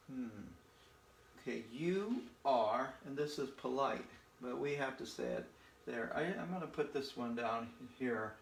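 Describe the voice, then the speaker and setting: Slow, gravelly male teacher in echoey room. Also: medium pitch. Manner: slow, patient, folksy explaining with memory tricks. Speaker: Spanish teacher. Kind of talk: informal language lesson.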